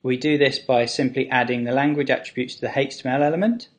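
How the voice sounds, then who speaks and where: A man who works as a web developer, explaining a how-to topic in a clear, steady tutorial style. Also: mid-range voice, fast.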